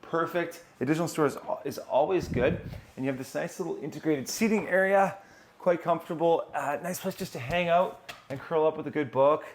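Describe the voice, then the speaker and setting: A man's voice: a little high, brisk, a little hiss or hum. A man hosting a home tour, walking room to room and talking enthusiastically in a casual, conversational way, often repeating words for emphasis. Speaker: real estate tour host. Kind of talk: casual walkthrough of a house. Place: indoors, walking through a house.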